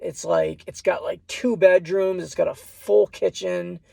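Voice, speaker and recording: A man's voice: sits high, steady tone, a little slow, creaky, dark tone, breathy edge, no room sound. A man casually telling a personal story, rambling and restarting his lines, often repeating "I said".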